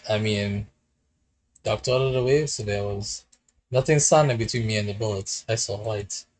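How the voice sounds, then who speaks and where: A male streamer giving excitable let's-play commentary with swearing outbursts. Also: fairly low pitch, moderate pace, low-quality recording.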